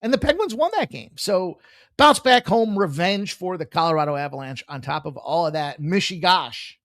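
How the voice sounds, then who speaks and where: A man hosting a live sports betting stream, brash, excitable and profane as he rattles off picks and jokes. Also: on the high side, normal speed, no room sound, clean studio sound. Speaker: sports betting show host. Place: room with a hockey banner on the wall.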